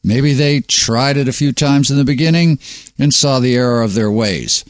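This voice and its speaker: A man's voice: medium pitch, normal speed, no echo. Male host, sardonic and preachy monologue, dry close-miked sound. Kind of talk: reading a monologue.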